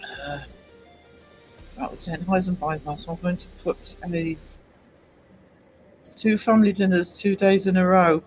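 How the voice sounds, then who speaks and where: Slow, high-voiced man chatting. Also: fairly even intonation, faint music behind, low-quality recording. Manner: rambling, chuckling, reads chat aloud. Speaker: livestream host. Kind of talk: casual livestream chat.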